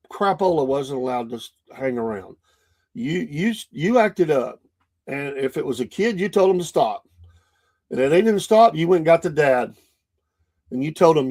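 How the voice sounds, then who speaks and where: Rambling Southern man, slightly high voice. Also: a little mellow. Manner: rambling, folksy storytelling with frequent restarts. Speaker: podcast host. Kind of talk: casual monologue.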